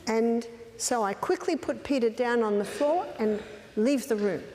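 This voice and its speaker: A woman's voice: fairly high pitch, expressive, a little slow, a little mellow. A woman giving a lecture on raising children, telling personal stories in a direct, firm way. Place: lecture hall. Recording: echoey hall, faint background noise.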